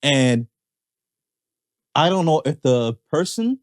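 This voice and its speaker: A man's voice: on the high side, big pitch swings, slow pace, no echo, clean studio sound. A man co-hosting a podcast in casual chat, talking in hesitant restarts and laughing often. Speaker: podcast co-host.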